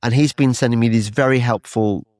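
A man's voice: mid-range voice, fairly even intonation, fairly quick, darkish tone, no echo. A man hosting a casual podcast chat, often stumbling and restarting his sentences. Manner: hesitant, stammering restarts. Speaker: podcast host.

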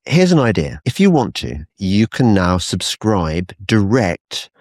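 Male podcast host, lowish voice, hesitant and stammering, dry close mic. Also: sing-song, unhurried, darkish tone, no room sound. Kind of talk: casual podcast chat.

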